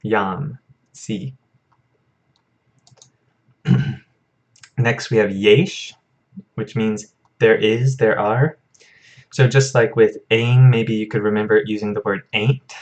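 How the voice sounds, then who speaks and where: Young male teacher, low voice, unhurried, casual lesson delivery with light chuckles. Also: lo-fi sound. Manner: relaxed, self-correcting, chuckles at his own memory tricks. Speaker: Hebrew teacher.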